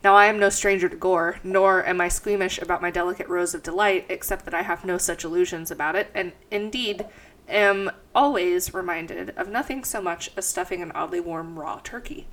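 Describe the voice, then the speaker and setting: A woman's voice: fairly low pitch, normal speed, a bit bright. A young woman with a stuffy nose co-hosting a casual podcast, swearing freely and laughing as she reads aloud. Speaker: podcast co-host. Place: house.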